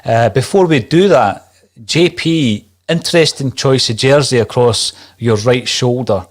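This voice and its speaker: A man's voice: mid-range voice, unhurried. A man hosting a casual football podcast, upbeat and playful with words. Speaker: podcast host.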